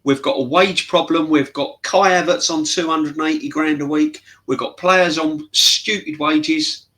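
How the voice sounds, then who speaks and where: A man's voice: on the high side, animated, measured pace, creaky, pushed and bright. A man, a guest in a heated fan discussion, making his case earnestly and with emphasis.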